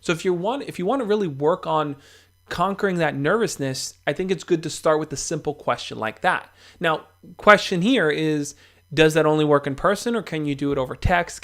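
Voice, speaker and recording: Young man, livestream host, fairly high voice, casual encouraging advice, fillers and restarts. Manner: relaxed, encouraging, talks to viewers directly with fillers and restarts.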